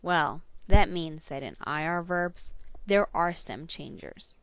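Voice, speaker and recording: A woman teacher giving a recorded grammar lesson, slowly and carefully saying each verb ending aloud. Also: on the low side, animated, a bit bright, clean tone, no echo. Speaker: Spanish teacher.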